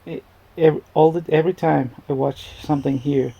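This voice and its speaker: A man with a gravelly, mellow voice, pitched a touch high, talks through a movie at home. His commentary rambles and jokes, doubling back mid-sentence. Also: fairly even intonation, brisk, dull audio. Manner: rambling, joking, restarts often. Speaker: movie reaction vlogger. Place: indoors at home.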